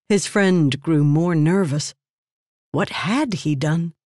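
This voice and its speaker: A woman narrating a fantasy story in a measured, even way. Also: deep voice, dry recording, clean studio sound.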